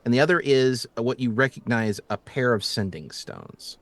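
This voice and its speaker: A man's voice: medium pitch, lively intonation, fairly bright tone, no room sound. A man running a tabletop role-playing game, narrating scenes with frequent ums and restarts. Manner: halting, full of ums and restarts. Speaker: game master.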